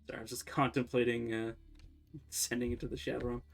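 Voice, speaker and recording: Gravelly man rambling over gameplay. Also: medium pitch, flat delivery, fast, soft background music. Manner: rambling, self-correcting, laughs at himself. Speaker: livestreamer playing a game. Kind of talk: casual gameplay commentary.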